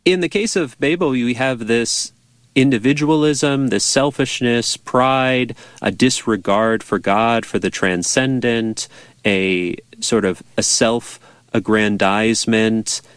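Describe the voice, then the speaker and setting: A man, a priest and bioethics professor, answering interview questions in a measured, thoughtful way. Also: medium pitch, smooth, no echo. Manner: measured, thoughtful, with some restarts. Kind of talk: explaining in a radio interview.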